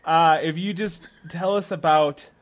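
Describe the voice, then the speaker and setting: A man playing a tabletop game, talking in an animated way with stammering restarts. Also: a little high, a little slow. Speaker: player.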